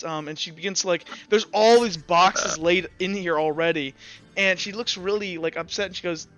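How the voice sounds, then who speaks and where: Casual man game master, high bright voice, muffled recording. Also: normal speed, soft background music. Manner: casual, rambling, laughs easily. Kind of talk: narrating a tabletop game.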